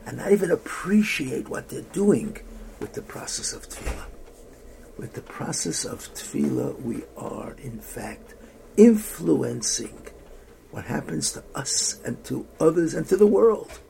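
Man, rabbi, sermon storytelling, very gravelly, dark mellow tone, hushed dramatic asides. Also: on the high side, very animated, unhurried, a little hiss or hum. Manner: dramatic storytelling, drops to a hushed whisper for emphasis.

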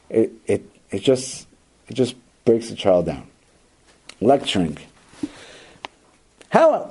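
A man's voice: medium pitch, dark tone, slightly rough, low-quality recording. A man, likely middle-aged, giving an earnest instructional talk to parents, stressing points by repeating words and acting out quoted lines. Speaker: parenting educator.

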